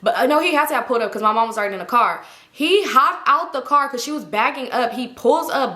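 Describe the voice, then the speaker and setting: Animated slangy young woman telling a story. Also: a little high, a little fast. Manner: animated, slangy, acts out quoted voices. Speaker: vlogger. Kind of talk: casual storytime vlog. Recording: echoey room.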